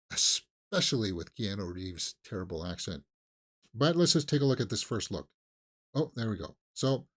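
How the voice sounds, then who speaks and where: A man hosting a movie news channel, chatting casually and rambling with mocking asides and quick put-on quotes. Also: mid-range voice. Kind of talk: casual solo commentary.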